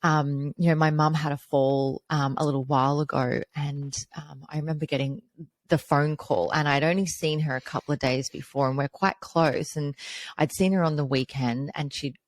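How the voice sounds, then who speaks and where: A woman's voice: low-pitched, steady tone, normal speed. A woman hosting a podcast interview, telling personal stories in a chatty way full of "you know" fillers. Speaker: podcast host. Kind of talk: conversational interview.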